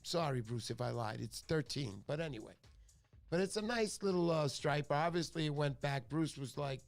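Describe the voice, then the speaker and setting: A man hosting a casual fishing livestream, chatty and excitable, thanking viewers by name. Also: a little high, moderate pace, soft background music. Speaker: livestream host.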